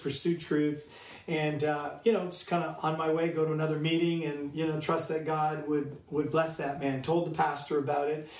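A man's voice: on the high side, roomy sound, far from the mic. A man preaching a sermon, reading scripture and telling a personal story in an earnest manner.

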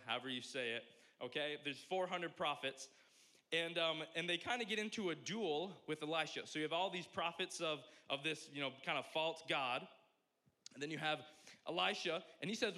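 A young man preaching a sermon as a pastor, telling stories in an animated way and acting out the voices. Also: fairly high pitch, moderate pace. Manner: animated storytelling, acts out voices.

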